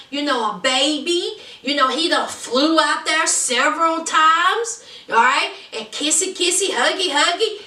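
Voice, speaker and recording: A woman talks through a reality show recap in a high, bright voice that swings all over as she acts out quotes. She takes her time with each point, and she sounds a little away from the mic in a roomy space. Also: far from the mic. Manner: animated, gossipy, acts out quotes. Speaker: reality TV reviewer. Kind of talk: casual recap commentary.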